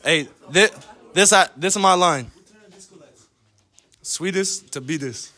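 A man's voice: sits high, slow, bright, forceful tone. A man joking and roasting the women around him in casual street banter. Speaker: participant rating girls.

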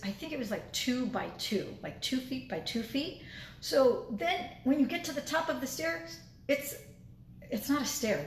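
A woman speaker telling a motivational story, animated, acting out her own inner voice as she goes. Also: on the high side. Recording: echoey room with faint noise.

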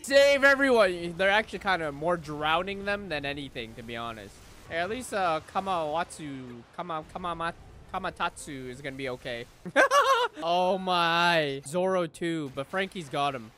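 A young man reacting to an anime episode, swearing freely and shouting with excitement. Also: fairly high pitch, moderate pace, slight background noise. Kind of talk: live reaction commentary.

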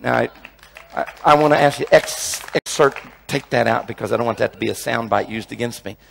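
A man's voice: mid-range voice, brisk, creaky, a little hiss or hum. A male preacher teaching a sermon in an emphatic way, often repeating phrases and restarting his sentences.

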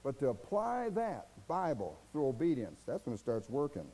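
A man's voice: medium pitch, huge pitch swings, normal speed, mellow, poor audio. A man with an American accent preaching a sermon as pastor, folksy and exhorting, asking rhetorical questions and mimicking his listeners' excuses.

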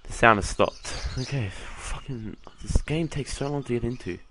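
A man's voice: mid-range voice, moderate pace, bright, forceful tone, a little hiss or hum. A young man giving casual, sweary commentary while playing a horror game. He reads the game's dialogue aloud and makes sarcastic jabs at the characters. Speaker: let's play gamer.

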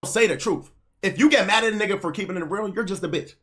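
A man's voice: high-pitched, fast, pushed and bright, soft background music. A young man streaming, ranting in casual, profane, heated slang. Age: young adult.

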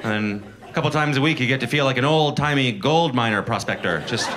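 A man's voice: mid-range voice, expressive, brisk, hardly any pauses. A man doing a stand-up comedy set on a club stage, conversational and wry. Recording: live comedy club crowd noise.

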